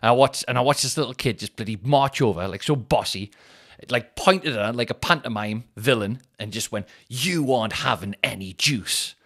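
A man's voice: mid-range voice, fairly quick. A man in his thirties, a podcast host telling a self-mocking comic story with mock outrage. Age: 30s.

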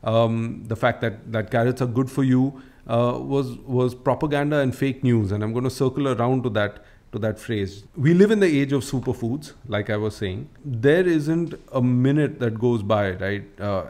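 A man's voice: medium pitch, moderate pace, hardly any pauses, darkish tone. A man hosting a podcast, telling a history story in a chatty, casual way with frequent restarts and asides. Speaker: podcast host.

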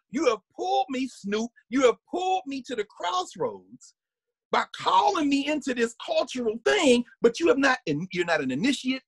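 Husky guy teaching, voice bounces all over, lots of restarts, hums bits of songs. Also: very high-pitched, no echo. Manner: lively, restarts often, hums and sings snippets. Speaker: guest lecturer. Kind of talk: animated conversational lecture.

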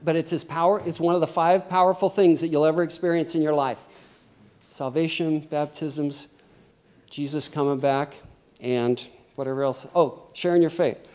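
A middle-aged man preaching a sermon in a lively, conversational way, often acting out quotes. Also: on the high side.

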